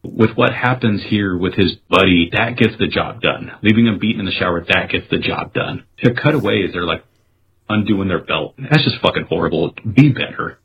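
A man with a very deep voice gives frank, opinionated takes in a casual podcast chat and swears freely. The audio is dull and lo-fi, with faint noise behind it. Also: normal speed. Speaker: podcast co-host. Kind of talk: casual film review chat.

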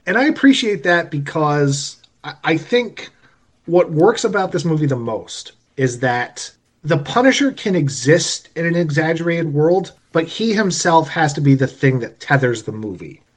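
A man with a slightly high voice reviews a film in casual chat with his co-hosts. He talks in long, winding runs full of jokey asides and quick tangents. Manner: rambling, animated, jokey asides. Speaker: movie podcast co-host.

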